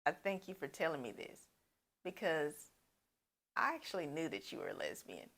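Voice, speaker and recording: An easygoing, apologetic young man with a low, unhurried voice, as a woman acts him out. He talks things through plainly and politely. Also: wildly swooping pitch, creaky, a bit bright, exaggerated voice.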